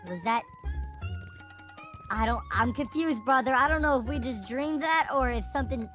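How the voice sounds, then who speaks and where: A woman chats through a game as a baby sibling, often calling her partner brother. Her voice is fairly high and light music plays under her. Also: normal speed, a bit bright. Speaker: gaming co-player. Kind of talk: let's play commentary playing a baby sibling.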